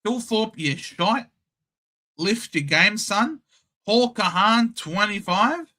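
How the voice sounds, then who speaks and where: A man's voice: high-pitched, expressive, takes it slowly, pushed and bright. A young Australian man hosting a casual live sports watchalong, bantering cheekily with chat and reading out scores. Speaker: livestream host.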